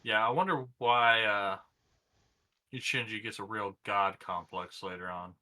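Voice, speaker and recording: A man's voice: on the low side, unhurried, bright, forceful tone. A man co-hosting a podcast, chatting casually with sarcastic joking asides. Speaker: podcast co-host. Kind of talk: casual recap chat.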